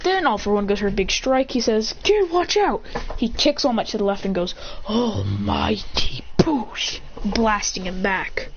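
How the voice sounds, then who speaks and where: A woman excitedly retelling an imagined anime battle, rambling and breathless, with shouted sound effects. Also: medium pitch, fairly quick, few pauses. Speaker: storyteller. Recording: dull lo-fi sound with faint hiss.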